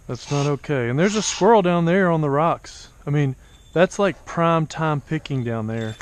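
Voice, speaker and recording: A man narrating a casual vlog outdoors as a falconer, talking quietly and patiently and coaxing his bird between remarks. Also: on the high side, normal speed, a little hiss or hum. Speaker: falconer training a hawk. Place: outdoors among trees.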